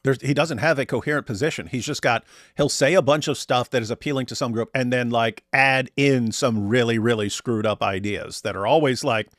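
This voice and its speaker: A man's voice: mid-range voice, brisk, no room sound, studio quality. A man hosting a casual commentary show, reacting sarcastically to a clip. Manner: animated, sarcastic. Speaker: host.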